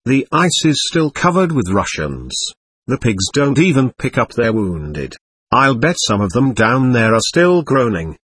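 A man voicing a tired, sleep-deprived frontline soldier who grumbles offhandedly, with a husky voice. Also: medium pitch, big pitch swings, unhurried, fairly bright tone, no echo, full character voice. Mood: weary grumbling.

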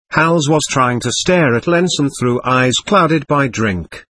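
Husky man narrating an audiobook. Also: mid-range voice, a little slow, few pauses. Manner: expressive first-person storytelling.

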